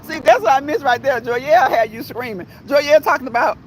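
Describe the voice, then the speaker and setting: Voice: high voice, brisk, hardly any pauses, rough recording. A live-stream host chatting casually while walking outdoors, slangy and laughing often. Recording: outdoor traffic noise.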